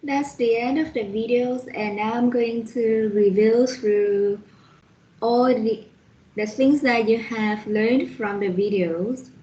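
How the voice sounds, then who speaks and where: A woman presenting a lesson on pronunciation, reading out spellings and examples slowly and carefully, one letter at a time. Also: fairly high pitch, warm tone, muffled recording, slight background noise. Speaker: student presenter reviewing a phonetics lesson. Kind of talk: slide-by-slide explanatory lesson.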